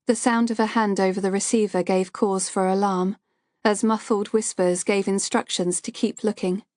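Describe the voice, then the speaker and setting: A woman narrating a thriller audiobook in a steady, measured storytelling voice. Her pitch sits in the middle of the range, and the recording is dry and close to the mic, with no room sound. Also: no echo.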